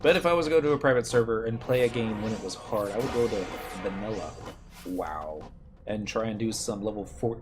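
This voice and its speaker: A man in his thirties giving casual gameplay commentary, rambling and reminiscing with self-mocking asides. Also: lowish voice. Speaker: game streamer. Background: game music.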